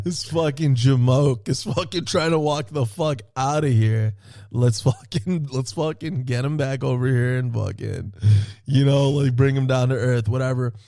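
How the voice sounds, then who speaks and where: A man excitedly telling a story in a casual podcast chat, swearing often and laughing as he talks. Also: medium pitch, moderate pace, gravelly, no room sound, studio quality. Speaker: podcast co-host.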